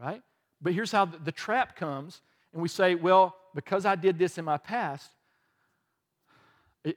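A middle-aged man preaching a sermon, telling stories and moving from lively to quiet and earnest. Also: fairly high pitch. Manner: storytelling, shifts from animated to quiet and earnest. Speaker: pastor. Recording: long hall reverb.

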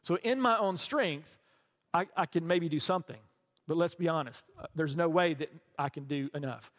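A middle-aged male pastor preaching in a church sanctuary, his fairly high voice ringing with a long hall reverb. He tells stories in a loose, conversational way and keeps checking in with his listeners. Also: normal speed, fairly bright tone. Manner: conversational storytelling, often checks in with "right?". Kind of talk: sermon.

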